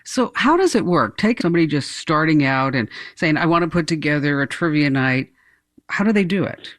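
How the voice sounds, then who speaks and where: A woman's voice: low-pitched, lively intonation, a little fast. Chatty woman radio host. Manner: chatty, playful, acts out little voices. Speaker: radio talk show host. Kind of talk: radio ad read and interview.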